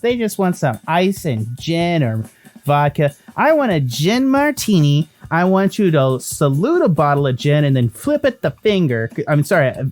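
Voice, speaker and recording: A man voicing a foul-mouthed, hard-drinking female casino patron in a tabletop game, gruff and blunt. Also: fairly high pitch, a little mellow.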